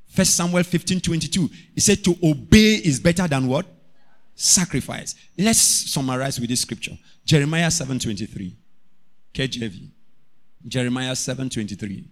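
A man preaching a sermon as a pastor, calling out to the congregation and rising into shouts. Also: a little high, animated, moderate pace, pauses often.

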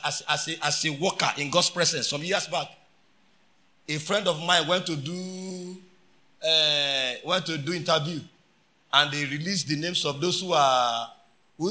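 Nigerian male preacher, bright ringing tone, high pitch, shouts for emphasis. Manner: preaching with shouted emphasis and storytelling, Pidgin phrases. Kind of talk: sermon.

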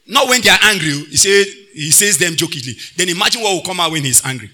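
A man preaching a sermon, swinging between loud bursts and quiet asides and slipping into pidgin phrases. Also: sits high, animated, fast, few pauses.

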